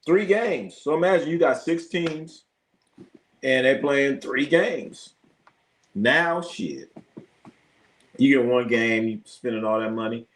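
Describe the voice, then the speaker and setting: A man in the middle of the pitch range hosts a casual sports live stream. He rambles, swears freely and talks back to his chat as the messages come in. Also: slow pace, pauses often. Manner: loose, profane, reacts to chat.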